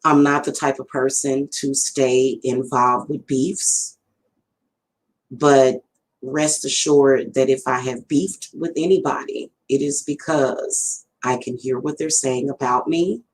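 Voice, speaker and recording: A woman's voice: extremely low pitch, fairly even intonation, takes it slowly, rough recording. A middle-aged woman, a spiritual reader chatting casually to her viewers, rambling and addressing them directly. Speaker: spiritual reader and channel host. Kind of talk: casual livestream talk.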